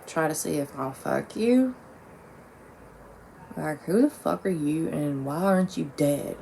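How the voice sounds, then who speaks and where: A woman's voice: low-pitched, expressive, unhurried, creaky, dark tone, a little hiss or hum. A woman talking bluntly and profanely in a rambling casual monologue, with lots of "like"s. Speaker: vlogger.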